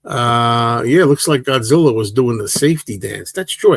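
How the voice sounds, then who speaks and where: A man's voice: mid-range voice, moderate pace, dry recording. A man in his sixties hosting a casual livestream, rambling through viewers' comments and answering them one by one. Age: 60s. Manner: rambling, relaxed, answers chat questions one by one. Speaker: livestream host.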